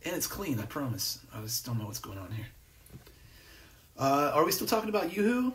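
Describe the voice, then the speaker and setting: A man's voice: a little high, big pitch swings, a little fast, fairly bright tone. Guy chatting on a live stream, reading comments, lots of ums and restarts, mic kinda far off. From New Jersey. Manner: rambling, laid-back, many fillers and restarts. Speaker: host. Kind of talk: casual livestream chat reading comments. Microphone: phone or webcam on a live stream.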